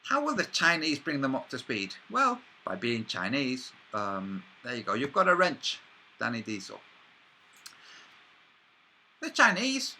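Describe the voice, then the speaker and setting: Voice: mid-range voice, wildly swooping pitch, moderate pace, pauses often, bright, forceful tone. A speaker, rambling through a speculative monologue with frequent restarts and asides.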